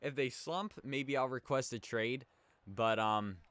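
Medium in pitch, measured in pace and fairly bright in tone, the let's play host chats and rambles through a hockey video game, reacting to the saves as they come.

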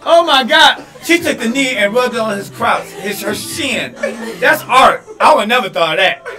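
A man co-hosting a podcast, joking loudly, laughing and exclaiming with teasing questions. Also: very high-pitched, animated, moderate pace, over loud music. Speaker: podcast co-host. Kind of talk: loud joking banter.

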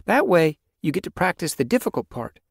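A man voicing a cool, brisk young male apprentice cat in a storybook reading, giving instructions in a clipped way. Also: fairly high pitch, sing-song, creaky, no echo, clean studio sound, pitched above the performer's own voice, full character voice.

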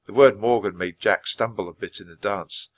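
A man reading a children's chapter book aloud at a clear, measured pace for English learners. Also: lowish voice. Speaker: storybook reader.

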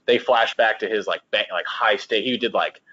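A man's voice: on the low side, normal speed, sharp tone, lo-fi sound. A man chatting on a podcast about a book, keen and loose in his phrasing. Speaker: podcast team member. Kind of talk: casual chat about a book.

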